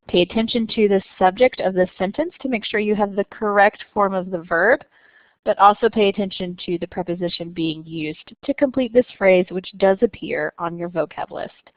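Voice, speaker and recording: A woman's voice: medium pitch, dry recording. Patient woman teaching, muffled audio. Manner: clear, patient explaining with slow stressed examples. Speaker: French teacher. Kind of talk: recorded lesson narration.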